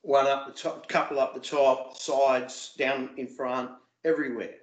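Man recalling with halting repeats, echoey room. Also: mid-range voice, muffled recording. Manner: hesitant, repeats words, animated when recalling. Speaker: interview guest, former singing show contestant. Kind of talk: casual interview talk.

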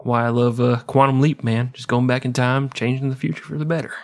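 A man co-hosting a podcast in casual banter, laughing a lot and jumping in with quick jokey comments. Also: mid-range voice, fairly even intonation. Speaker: podcast co-host.

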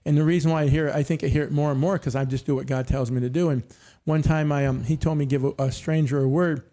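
A man's voice: on the high side, fairly even intonation, fast, dark tone. A middle-aged man telling faith stories in a casual church panel discussion, often saying amen. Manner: storytelling, frequent amens.

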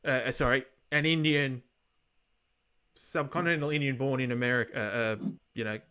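An Australian man chatting loosely on a podcast, blunt and rambling, with the odd curse thrown in. His pitch sits in an ordinary middle range. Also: steady tone, normal speed, sharp tone, clear, resonant tone. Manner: rambling, blunt, swears casually. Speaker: podcast co-host. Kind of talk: casual chat.

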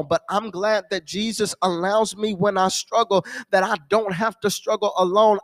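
A male pastor preaching a sermon, repeating phrases and answering imagined questions from the congregation. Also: high voice. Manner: repetitive preaching cadence with call-and-response asides.

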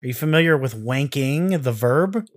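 A man's voice: medium pitch, lively intonation. A man co-hosting a podcast, talking loosely and off the cuff. He rambles, restarts his phrases and circles back to them before getting to the point. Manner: rambling, halting repetitions. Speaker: podcast co-host. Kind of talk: casual chat.

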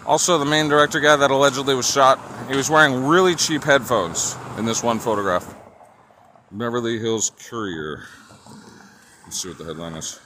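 A man's voice: mid-range voice, normal speed, pushed and bright. A man vlogging on a walk outdoors, rambling and then ranting angrily with a lot of swearing. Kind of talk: rambling walking vlog monologue. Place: outdoors on city streets. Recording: faint street noise behind.

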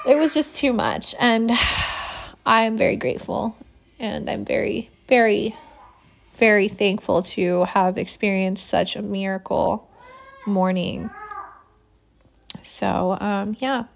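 A woman's voice: medium pitch, steady tone, slow, vocal fry, pauses often. A woman telling a heartfelt personal story as a mother, emotional and laughing often, with many restarts.

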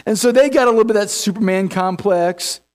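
A man's voice: sits high, quick pace. A man preaching a sermon as pastor, in a folksy, conversational way full of restarts, acting out the figures he quotes. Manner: acts out biblical figures in quoted voices.

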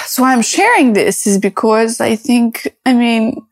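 A woman speaking slowly in a personal podcast monologue, her voice edged with vocal fry. She talks in a halting, reflective way, full of fillers and restarts, sounding emotional and close to tears. The recording is dry and close. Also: a little high, lively intonation, dry recording. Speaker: podcast host.

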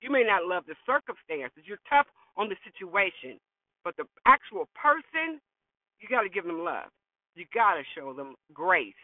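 A woman's voice: on the low side, big pitch swings, normal speed, dry recording. A middle-aged woman hosting a show, giving blunt, preachy motivational advice and repeating her points for emphasis. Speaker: host. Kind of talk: motivational monologue. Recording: dry, phone-like lo-fi audio.

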